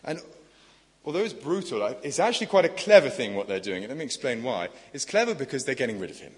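A man's voice: medium pitch, sing-song, quick pace. A man preaching a sermon in an earnest, conversational way, asking the congregation questions. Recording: long echoing church reverb.

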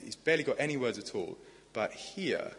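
A man's voice: mid-range voice, very animated, brisk, fairly bright tone. A man preaching a sermon in an earnest, conversational way, asking the congregation questions. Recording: long echoing church reverb.

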